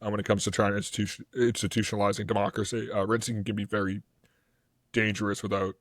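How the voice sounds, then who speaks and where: A man co-hosting a casual history podcast, talking in an animated, rambling way with lots of fillers. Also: fairly low pitch, fast talker, no room sound, studio quality. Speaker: podcast co-host.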